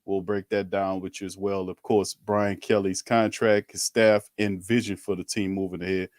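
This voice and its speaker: A man's voice: low-pitched, flat delivery, normal speed, a little mellow, no room sound, studio quality. A man hosting a casual sports talk stream, laid-back, slangy and chuckling. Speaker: podcast host.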